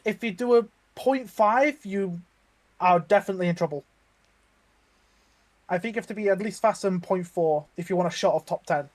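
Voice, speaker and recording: A man's voice: high voice, moderate pace, pauses often. A man co-commentating an online racing league, chatting and predicting lap times with frequent restarts. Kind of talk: casual race analysis and banter.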